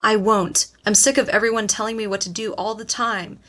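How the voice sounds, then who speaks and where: A woman's voice: medium pitch, fairly even intonation, a little fast, bright, forceful tone, natural voice. A woman voicing a defiant, panicking teenage girl in an audiobook.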